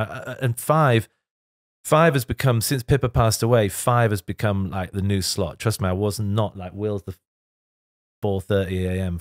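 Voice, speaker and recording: A middle-aged Englishman talks in a fairly low voice, candid and open, breaking into laughs. He sits in a podcast studio at a close mic. The sound is dry, with no room behind him. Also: dry recording. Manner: candid, laughs often, tearful at times. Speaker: podcast guest. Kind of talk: emotional casual chat. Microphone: studio microphone.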